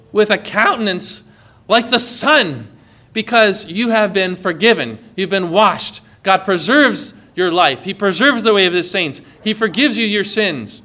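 A man's voice: sits high, bright, forceful tone. A man preaching a sermon as a pastor, earnest and building to exhortation.

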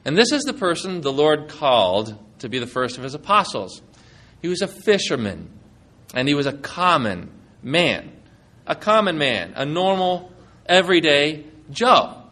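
A man's voice: fairly high pitch, sing-song, unhurried, pushed and bright. A man preaching a sermon in a conversational, folksy manner, using plain everyday talk.

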